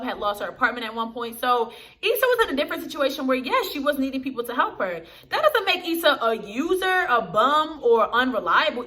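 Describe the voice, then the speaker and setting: A woman's voice: on the high side, bright, forceful tone. A young woman reviewing a TV episode in casual chat to camera, talking straight to her viewers in a slangy, chatty way.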